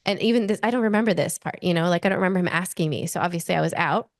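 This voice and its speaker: A woman in her forties with an Australian accent tells a personal story as a podcast guest. Her voice sits on the low side, and she talks in an animated, rushing way full of "like" fillers. The sound is dry and close, with no room around it. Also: dry recording. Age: 40s.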